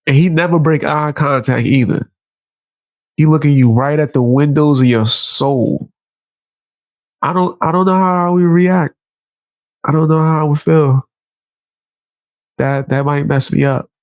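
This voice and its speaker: A man's voice: fairly high pitch, unhurried, long pauses, no echo. A man hosting casual commentary, telling a story with animation and acting out the scene. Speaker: host.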